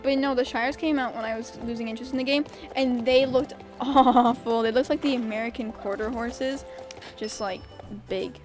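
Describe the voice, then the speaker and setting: A woman's voice: fairly high pitch, fairly even intonation, moderate pace, darkish tone. A young woman giving casual, gushing commentary while playing a game, giggling and swearing now and then. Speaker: gaming YouTuber. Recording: faint game music behind.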